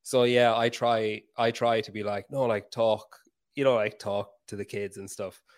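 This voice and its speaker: A man's voice: on the low side, fairly even intonation, moderate pace. A man in his thirties chatting casually about parenting, rambling and self-mocking, swearing freely. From Ireland. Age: 30s. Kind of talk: casual chat.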